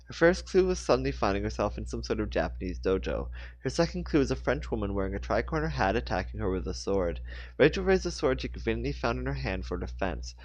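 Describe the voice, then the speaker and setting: A man, an author, reading his own book aloud in a casual way and sometimes correcting himself. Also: on the low side. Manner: casual, self-correcting reader. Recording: dry, dull lo-fi.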